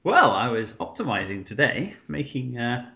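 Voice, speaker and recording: A man co-hosting a casual podcast over a call, chatting in a lively, jokey way and laughing between remarks. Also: medium pitch, normal speed, gravelly, dull audio. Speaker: podcast co-host. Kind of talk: casual chat. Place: Stockholm, remote call.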